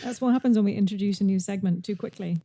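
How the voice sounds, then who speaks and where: A woman's voice: medium pitch, fast talker, dark tone, no echo. A woman co-hosting a podcast, chatting and quoting favorite lines from a TV episode. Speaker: podcast co-host. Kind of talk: casual chat about a TV episode.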